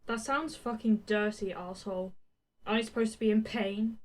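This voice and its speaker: A man's voice: sits high, steady tone, normal speed, close to an everyday voice. A woman voicing a cocky, teasing young male hero with wings who talks in casual slang.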